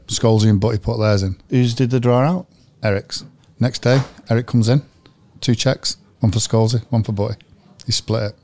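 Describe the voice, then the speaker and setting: A man co-hosting a football podcast, a former player telling dressing-room stories in a relaxed, chatty way. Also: mid-range voice, brisk, slight background noise. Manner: chatty storyteller. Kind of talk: casual podcast chat.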